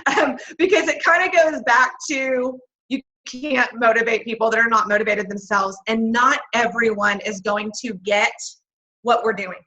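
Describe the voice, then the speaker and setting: A woman from Texas, leading a motivational team training call in a folksy, energetic way. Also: fairly high pitch, normal speed, muffled recording. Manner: energetic, folksy, laughs often. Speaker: network marketing leader. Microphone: video call.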